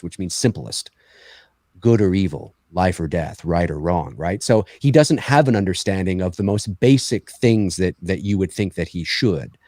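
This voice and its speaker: A man co-hosting a podcast in casual chat, animated and teasing, laughing often. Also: sits low, normal speed, dry recording.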